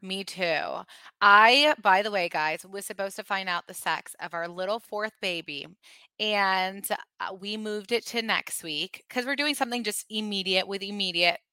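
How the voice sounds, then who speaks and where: A woman in her thirties hosts a casual podcast, talking in an excitable, chatty way. Her voice is bright and a little forceful. It is recorded close up in a dry space. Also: medium pitch, normal speed, clean tone, no echo. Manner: chatty, excitable, laughs often. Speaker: podcast host. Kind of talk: casual chat.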